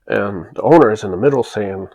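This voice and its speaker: American man, low voice, raspy, casual storytelling, emphatic. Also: brisk, a little mellow. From United States. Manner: emphatic, rambling with many restarts. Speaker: vlogger recounting his life in Japan.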